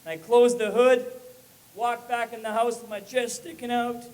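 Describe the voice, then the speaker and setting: A man in his forties from Saskatchewan, Canada, doing energetic live stand-up comedy on a club stage and working up the crowd. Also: very high voice, unhurried, rough recording.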